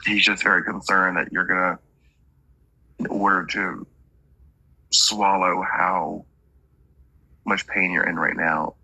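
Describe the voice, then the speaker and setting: A man's voice: sits low, gravelly, pushed and bright, breathy edge, poor audio. A man working as a medium, relaying messages in a chatty reading and stringing quotes together with "he's like".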